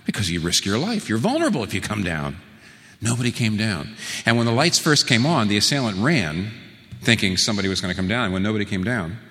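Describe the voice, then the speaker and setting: A man preaching a sermon, asking rhetorical questions and slowing down for emphasis. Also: fairly low pitch, long reverb tail. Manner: rhetorical questions, slow emphatic phrasing, rising to lively peaks.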